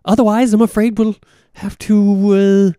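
A man's voice: sits high, little pitch movement, a little slow, dark tone, dry recording, studio quality, pitched above the performer's own voice. A man voicing a pompous, condescending older prison escapee who talks in mannered euphemisms. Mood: haughty.

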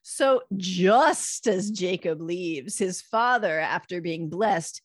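A woman's voice: on the low side, takes it slowly, dry recording, studio quality. A woman casually retelling a story, acting out the quotes with playful irreverence and cursing. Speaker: podcast co-host retelling Bible stories. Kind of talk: casual chat.

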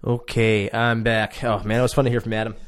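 A man's voice: medium pitch, flat delivery, a little fast, clean tone. Laid-back male podcast host. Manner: laid-back, earnest, repeats words. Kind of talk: casual chat.

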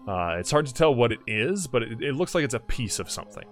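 A man's voice: medium pitch, big pitch swings, fast talker, soft background music. A young man running a tabletop game as game master, narrating loosely with many fillers and frequent laughs. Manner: rambling, lots of "like" and "kinda", laughs often.

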